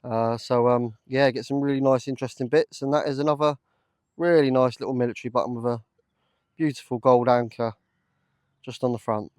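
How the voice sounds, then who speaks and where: A man talking casually to camera while metal detecting in a field, chatty and easily excited, with lots of fillers. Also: medium pitch, a little fast, smooth, dry recording. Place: open field outdoors.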